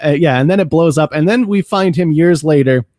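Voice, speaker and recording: A man's voice: a little high, fairly quick, darkish tone, no echo. Dry, sarcastic man on a dry mic. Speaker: podcast co-host. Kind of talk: casual movie review chat.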